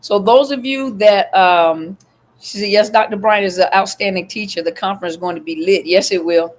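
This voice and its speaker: A woman hosting a casual livestream from her phone, chatting with viewers, greeting them by name and filling pauses with lots of ums. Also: medium pitch. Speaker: livestream host.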